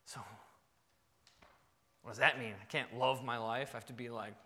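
A man preaching a sermon as pastor, swinging between loud bursts and quiet asides. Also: medium pitch, fairly even intonation, moderate pace. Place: church sanctuary. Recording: long reverb of a large hall.

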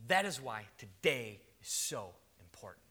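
A man preaching a sermon in a lively, conversational storytelling way. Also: mid-range voice, measured pace, breathy edge. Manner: animated, conversational storytelling with acted quotes. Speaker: pastor.

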